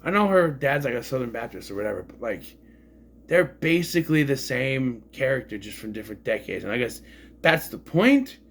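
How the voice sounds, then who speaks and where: A man's voice: medium pitch, lively intonation, moderate pace, slight background noise. A man casually reviewing a film, rambling and frank, swearing freely as he complains. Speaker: movie reviewer.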